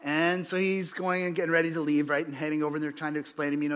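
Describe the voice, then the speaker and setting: Rapid-fire and with few pauses, a man preaches an evening sermon in a high, level, fairly bright and smooth voice. He keeps it casual, repeatedly restarting and asking "right?", under long church-hall reverb.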